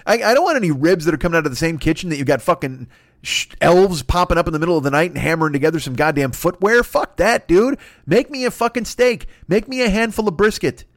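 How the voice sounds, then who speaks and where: A man rants in a high, swooping voice, cursing and exasperated as he riffs. The sound is close and dry, with no room around it. He jumps into mock voices mid-rant. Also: animated, fast talker, no room sound. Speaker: comedian. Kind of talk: improvised comedic rant.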